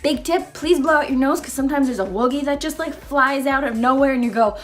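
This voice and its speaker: A young woman vlogging in a casual, earnest way about her morning routine, warm-hearted with playful asides and growing emotion. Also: sits high, a little fast. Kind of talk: casual motivational vlog talk. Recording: faint music behind.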